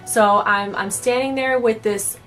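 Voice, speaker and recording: A woman's voice: fairly high pitch, steady tone, a little slow, fairly bright tone, faint music behind. A young adult woman telling a casual storytime, chatty and full of "like" fillers. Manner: chatty, filler-heavy with frequent "like". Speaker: cosplay vlogger.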